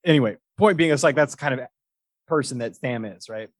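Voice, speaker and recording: A podcast host with a medium-pitched male voice talks a little fast in a casual chat, recorded with no echo. He tells stories in a rambling way, full of fillers and restarts, and laughs often.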